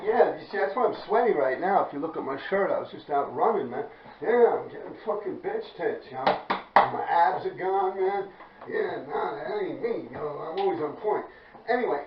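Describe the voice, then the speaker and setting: A man with a New York accent, telling a graffiti story to his viewers in loose, profane street talk, laughing as he goes. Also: sits high. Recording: echoey, distant, dull with faint noise.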